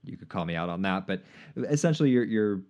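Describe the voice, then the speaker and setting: A man's voice: lowish voice, expressive, fast talker, a little mellow. A man hosts a casual podcast and asks his guest questions in a playful, joking way. His voice swoops up and down, and he laughs easily. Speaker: podcast host.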